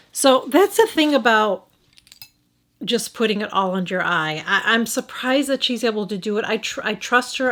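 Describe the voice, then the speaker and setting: A woman's voice: mid-range voice, a bit bright. Chatty Midwestern woman reviewing makeup. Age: middle-aged. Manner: thinking aloud, hesitant, frequent restarts and self-corrections. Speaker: beauty vlogger.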